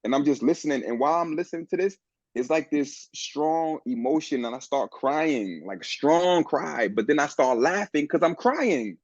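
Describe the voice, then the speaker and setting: A man guesting on a podcast, telling a personal story in an earnest, animated way with many restarts. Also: fairly high pitch, moderate pace, dry recording. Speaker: guest, men's coach. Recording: dull, dry lo-fi sound.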